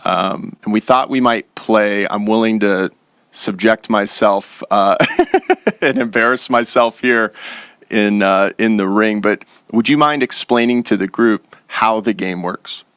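A man's voice: lowish voice, a little slow, a bit bright, smooth, no room sound, clean studio sound. A man hosting an interview, affirming his guest and steering with small stammering restarts. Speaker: host.

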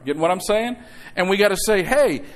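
Speaking quickly in a high register, a middle-aged man preaches as pastor. He calls on the congregation for amens and adds casual asides and rhetorical questions.

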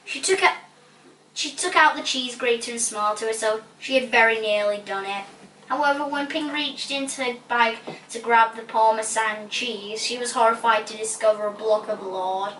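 A woman reads a children's story aloud with lively, playful expression, relishing the silly words. Her voice is bright and raised, and it echoes in a roomy space, picked up from a distance. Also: on the high side, normal speed, slight background noise. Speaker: storybook reader. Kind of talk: expressive children's book reading. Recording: roomy echo, distant mic.

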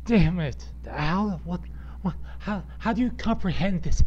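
A young man rants in a furious outburst, swearing nonstop and tripping over repeated words. His voice sits a little on the high side. The home recording sounds muffled and lo-fi. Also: moderate pace, darkish tone. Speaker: podcaster. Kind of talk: angry rant. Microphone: computer voice recorder.

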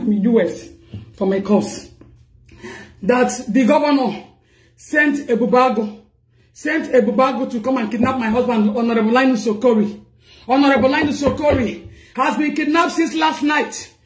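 A woman's voice: high voice, roomy sound. A woman with a Nigerian accent making a distressed public appeal, pleading frantically and repeating cries for help. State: distressed and crying out.

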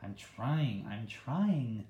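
A man's voice: medium pitch, big pitch swings, drawn-out words, dark tone, dull audio. A man voicing an eager, chatty little boy who keeps asking questions. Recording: echoey room.

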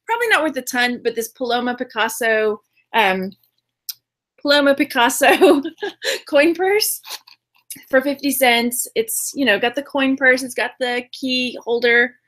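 A middle-aged Texan woman chats about her finds and laughs easily. Her voice sits high and sounds bright and lively. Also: unhurried. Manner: giggly, chatty. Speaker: reseller haul video host. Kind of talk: casual chat.

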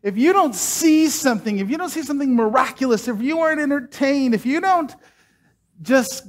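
A man's voice: very high voice, expressive, normal speed. A man preaching a casual sermon, chatting and joking with the congregation while doing a trick.

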